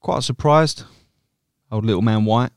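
A man with a very low voice co-hosts a football podcast. He teases his partner and swears casually. The recording is dry and close. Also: unhurried, clean tone, no echo. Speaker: podcast co-host.

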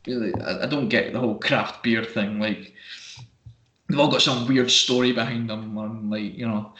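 A man hosting a podcast, swearing freely and telling animated stories in casual banter. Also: mid-range voice, normal speed, echoey room. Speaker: podcast host.

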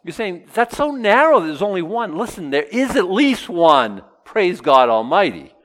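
A man's voice: fairly high pitch, big pitch swings, unhurried, a bit bright. A man preaching a casual, humorous sermon, stopping to joke and voice imagined objections. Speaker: pastor. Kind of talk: sermon with verse-by-verse teaching.

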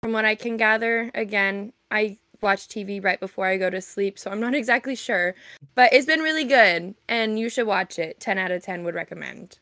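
A woman's voice: medium pitch, normal speed, sharp tone, no room sound, clean studio sound. A young woman co-hosting a podcast in casual chat, making sarcastic jokes and recommendations. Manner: joking, sarcastic asides. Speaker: podcast co-host.

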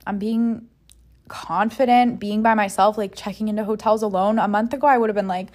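A woman's voice: medium pitch, fairly even intonation, brisk, a little mellow. Candid woman, swearing freely. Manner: emotional and frank, swears freely; rambling, many "like" fillers. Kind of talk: candid personal monologue.

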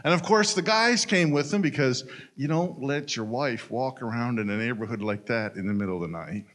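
A man's voice: medium pitch, brisk, a bit bright. A man telling a story in a folksy, conversational way, talking straight to his listeners. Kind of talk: storytelling in a casual retelling.

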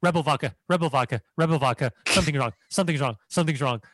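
A man voicing a panicking, wired drunk young teammate who begs rapidly and repeats himself. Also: fairly high pitch, fairly bright tone, dry recording, clean studio sound. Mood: panicked pleading.

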